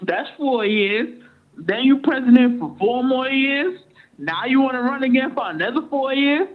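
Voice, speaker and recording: A woman's voice: sits high, expressive, moderate pace. A woman from Jamaica calling in to a radio show, chatting in a gossipy, opinionated way. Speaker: caller. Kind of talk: casual phone call-in. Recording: tinny phone line.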